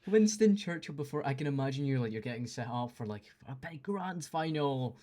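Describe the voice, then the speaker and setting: Man, podcast host, mid pitch, teasing, quick, laughs easily. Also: expressive, dark tone. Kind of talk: casual chat.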